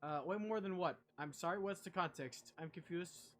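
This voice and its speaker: A man's voice: sits high, moderate pace, fairly bright tone, soft background music. A young man streaming a video game, rambling casually, swearing and chatting to his viewers. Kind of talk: casual gameplay commentary.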